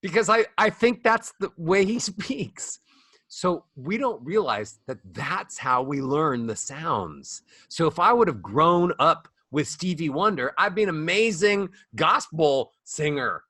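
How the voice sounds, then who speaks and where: A man's voice: a little high, animated, a little slow, pushed and bright, no echo, studio quality. A man talking as a voice coach guest on a podcast, playful and acting out the voices of others. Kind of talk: animated podcast conversation.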